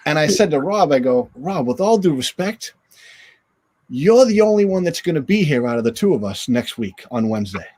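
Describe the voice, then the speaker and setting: His voice runs on the high side at a moderate pace as the middle-aged ex-goalie spins tales for a video call interview. Quotes get acted out animatedly, his voice going up for them.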